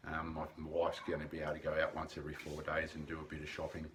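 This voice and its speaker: A low-pitched Australian man in middle age talks through his daily video diary in a loose, earnest way, full of ums and the odd blunt curse. The home recording carries steady background noise behind his voice. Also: fast. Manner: rambling and earnest, many ums, blunt and sweary. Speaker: vlogger keeping a lockdown diary.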